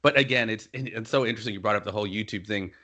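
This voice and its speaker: Male host, rapid and bright, keeps nodding along with the guest. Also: on the low side, muffled recording. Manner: quick, agreeable, chimes in often. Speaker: interviewer. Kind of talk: casual interview talk.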